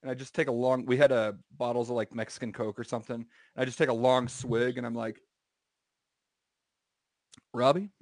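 Male podcast host, mid pitch, rambling anecdote, dry close sound. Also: level tone, darkish tone, no echo. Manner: drawn-out anecdotes with many fillers. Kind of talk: casual storytelling chat.

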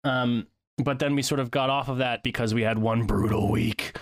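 A man co-hosting a podcast in casual chat, animated, with sudden excited high-pitched bursts. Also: moderate pace, a loud crowd. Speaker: podcast co-host.

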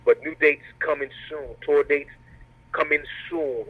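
A man's voice: fairly high pitch, flat delivery, unhurried. A man, a comedian guest, talking in a laid-back, joking, slangy way on a remote call interview. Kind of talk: casual interview over a call. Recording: tinny phone-like call audio.

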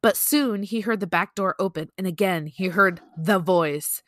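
A woman's voice: lowish voice, moderate pace, a bit bright, no room sound, clean studio sound. A woman co-hosting a podcast, chatting casually, giggling, and reading creepy stories aloud with playful drama. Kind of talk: casual chat and story reading.

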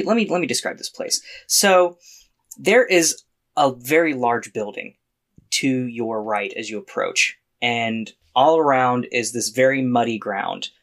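A man's voice: medium pitch, fairly bright tone. A man narrating as dungeon master, setting scenes in a loose, playful way. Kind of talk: narrating a tabletop game.

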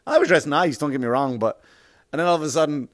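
A man's voice: a little high, quick pace, no room sound, studio quality. A man with an Irish accent telling rambling, profane anecdotes in casual chat, often laughing as he goes. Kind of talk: casual storytelling.

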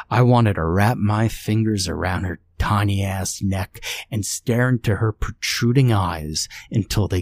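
A man's voice: low-pitched, a little mellow, no echo. A man narrating a horror story in the first person, in a dry, matter-of-fact manner. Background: faint music.

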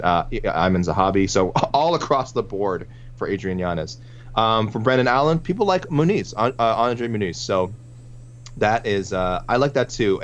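A man co-hosting a casual sports podcast, running through listener picks in a rambling, self-correcting way. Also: lowish voice. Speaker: podcast co-host. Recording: muffled lo-fi with faint hum.

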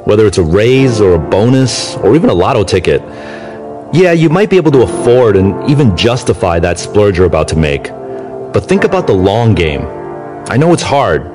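A podcast host giving measured advice in a scripted voice-over. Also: male voice, lowish voice. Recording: music bed under the voice.

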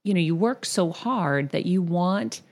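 Low-voiced woman in candid podcast chat. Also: measured pace. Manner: candid, animated storytelling. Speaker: podcast host.

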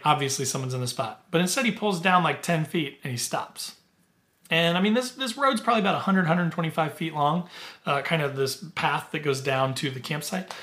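Middle-aged male podcast host, loose chatty storyteller, bright and forceful tone, pitch a touch high. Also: animated, fairly quick. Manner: chatty, filler-heavy, laughs easily. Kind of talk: casual storytelling.

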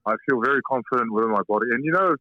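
A man's voice: medium pitch, animated, rapid-fire, no echo. A man from New Zealand, a professional boxer, speaking earnestly in a casual phone interview, with frequent restarts. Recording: tinny, dry phone line.

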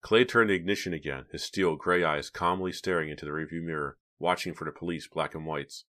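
A man narrating an audiobook in a steady, even storytelling manner. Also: low-pitched, fairly quick. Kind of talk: scripted narration.

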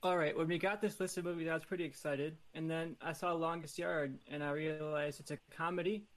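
A man pitching a movie idea on a casual podcast, playful and competitive, rambling through his ideas. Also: steady tone, fairly quick. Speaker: podcast panelist. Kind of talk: casual chat.

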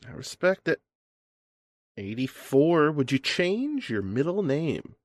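A male host with a very animated, swooping delivery asks questions in turn. He is playful and encouraging, keeping the chat light. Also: a little high, takes it slowly, dry recording. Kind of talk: casual interview questions.

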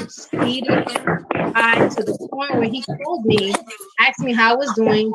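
A middle-aged woman, a guest on a talk show, telling a personal story in an emotional, animated way with acted quotes. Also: fairly high pitch, unhurried, heavy background noise.

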